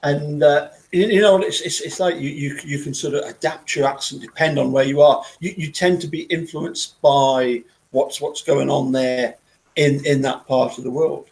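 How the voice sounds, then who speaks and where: Man, slightly high voice, stop-start delivery with lots of repeated words. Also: steady tone, a little mellow. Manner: halting, repeats words often. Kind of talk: casual chat.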